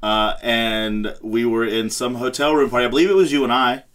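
A man's voice: mid-range voice, steady tone, moderate pace, a bit bright. A man co-hosting a podcast in casual chat, telling anecdotes and swearing freely. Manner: swears a lot, tells anecdotes. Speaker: podcast co-host.

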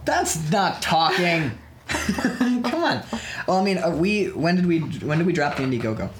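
A man's voice: fairly high pitch, very animated, normal speed, noisy background. A man chatting casually about his indie film, joking around, rambling and laughing often. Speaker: indie filmmaker. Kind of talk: casual chat.

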